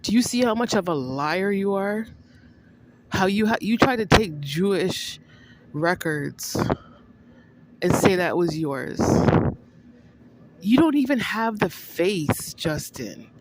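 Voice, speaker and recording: A woman's voice: mid-range voice, lively intonation, background noise. Rambling, accusing woman vlogger. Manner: accusing, repetitive, addresses an absent person by name; halting, with many restarts and fillers. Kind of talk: rambling monologue to the camera.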